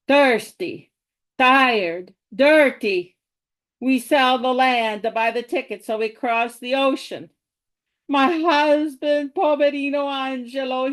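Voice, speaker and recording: A woman voicing an Italian immigrant mother from 1902, speaking broken English with an Italian accent and Italian words mixed in. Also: a little high. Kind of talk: poetry reading in character.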